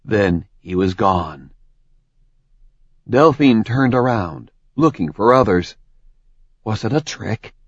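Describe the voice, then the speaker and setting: A man reads a dark fantasy novel aloud at an unhurried, measured pace, his voice on the low side. The recording is dry and close, with a slightly dull tone. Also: no room sound. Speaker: audiobook narrator. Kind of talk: scripted fantasy narration.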